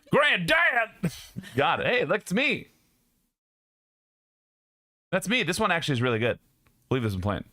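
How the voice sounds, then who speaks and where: A man's voice: on the high side, wildly swooping pitch, normal speed, pauses often, sharp tone, dry recording. A young man hosting a livestream, chatting casually and jokingly with viewers, often laughing and rambling. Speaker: streamer host. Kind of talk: casual chat with stream viewers. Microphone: studio mic.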